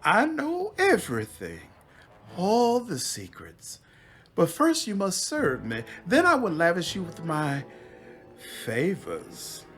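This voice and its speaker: A man's voice: high voice, huge pitch swings, slow, fairly bright tone, faint music behind, pitched above the performer's own voice, exaggerated voice. A man voicing a vain female swamp demon queen who is petulant, whiny and awkwardly flirtatious.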